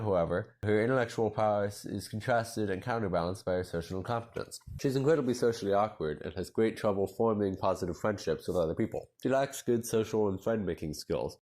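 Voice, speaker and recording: A young man reading a scripted narration in a measured, analytical way. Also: fairly low pitch, darkish tone. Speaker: video essayist.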